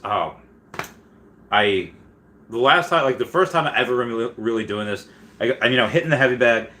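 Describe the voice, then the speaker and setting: A man hosting a casual livestream, reading viewer comments aloud and rambling excitedly. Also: on the low side. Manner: excitable, rambling, many restarts and squeals. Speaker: livestream host.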